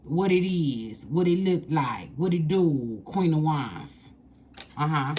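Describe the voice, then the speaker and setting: A woman's voice: low-pitched, animated, measured pace, darkish tone, a little hiss or hum. A woman doing a casual tarot reading, blunt and profane, repeating lines for emphasis. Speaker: tarot reader.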